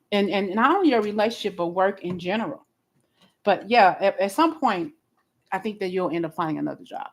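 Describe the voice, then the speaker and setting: A woman giving a live tarot reading in a blunt, expressive way, often restarting her sentences. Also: on the low side, poor audio. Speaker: tarot reader.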